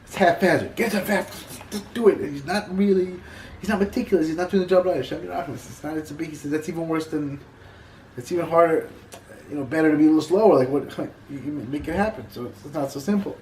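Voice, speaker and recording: A man giving an informal Torah class, talking in halting bursts that repeat and restart his phrases. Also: on the high side, a little mellow, reverberant, a little hiss or hum, rough recording. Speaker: Torah teacher.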